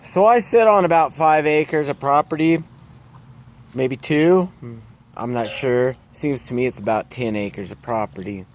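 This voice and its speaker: A man's voice: mid-range voice, expressive, a little slow, slight background noise. A man ranting in a casual vlog, blunt and profane, rambling through his complaints. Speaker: vlogger.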